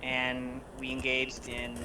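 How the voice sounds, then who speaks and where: A man plays a tabletop game, describing events in stiff, formal wording. His voice is mid-pitched for a man. He sounds distant, with heavy noise behind him. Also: completely flat delivery. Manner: formal, measured recounting. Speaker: player. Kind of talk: in-character tabletop report.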